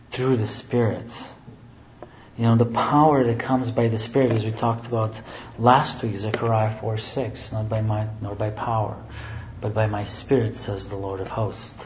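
A man's voice: lowish voice, fairly even intonation, measured pace, slight background noise. A man preaching a sermon who explains scripture and keeps restating his phrases. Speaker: pastor. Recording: roomy, dull sound.

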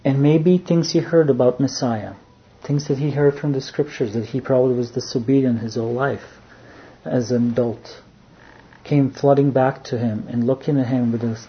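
A man's voice: medium pitch, steady tone, moderate pace. Man preaching earnestly, lo-fi sound. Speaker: pastor. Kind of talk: sermon. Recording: dull lo-fi sound, faint background noise.

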